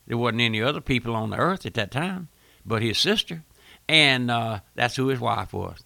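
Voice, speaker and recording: A man's voice: medium pitch, lively intonation, normal speed, creaky, sharp tone, no echo. An older man preaching a fiery radio sermon, folksy and emphatic, repeating phrases and rising to bursts of force.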